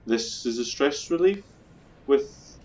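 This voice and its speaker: A man's voice: mid-range voice, lively intonation, slow, a little mellow, dull audio. A man casually commenting on his own gameplay, chatty, swearing freely and talking through his plans. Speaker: video game let's player.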